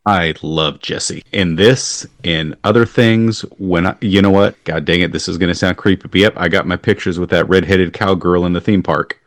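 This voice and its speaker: A man with a very deep voice chats about a film with enthusiasm. He is self-deprecating and laughs easily, and his voice sounds dry and close to the mic. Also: fairly even intonation, moderate pace, few pauses, no room sound. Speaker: podcast co-host, parent. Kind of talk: casual film discussion.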